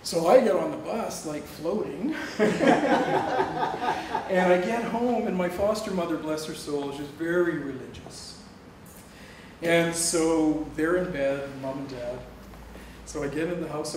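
At a moderate pace and in a voice on the high side, a middle-aged guest speaker from Canada shares a personal story in a campus lecture hall. Along the way he acts out the dialogue and laughs frequently. The audio comes from a distant, echoey, noisy room recording.

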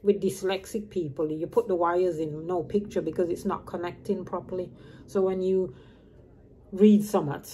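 A woman's voice: lowish voice, fairly even intonation, moderate pace, mellow, a little hiss or hum. A woman in her fifties who grew up in Birmingham, chatting casually to camera in a meandering way and dropping her H's. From grew up in Birmingham, England. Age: 50s. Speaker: vlogger. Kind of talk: casual rambling chat.

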